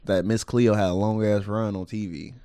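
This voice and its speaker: A man co-hosting a podcast, chatting casually with animated, jokey reactions. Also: fairly low pitch, normal speed, clear, resonant tone, no room sound, clean studio sound. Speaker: podcast co-host.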